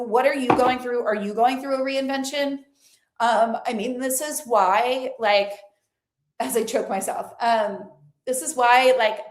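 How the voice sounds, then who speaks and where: A woman's voice: mid-range voice, echoey room. A woman giving an earnest, chatty motivational talk to camera, full of fillers, sometimes dropping to a near whisper. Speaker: lifestyle and faith vlogger.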